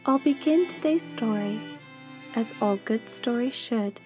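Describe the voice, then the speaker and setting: A woman's voice: fairly high pitch, a little slow, loud music behind the voice. Woman reading fairy tales aloud. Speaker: podcast host and storyteller. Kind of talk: fairy tale reading with asides.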